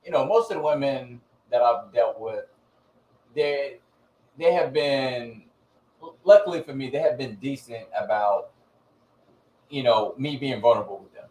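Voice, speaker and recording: A man's voice: mid-range voice, measured pace, pauses often, darkish tone, reverberant, low-quality recording. A man co-hosting a podcast, telling personal stories in casual chat and acting out what others said. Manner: storytelling, mimics others in quotes. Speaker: podcast co-host.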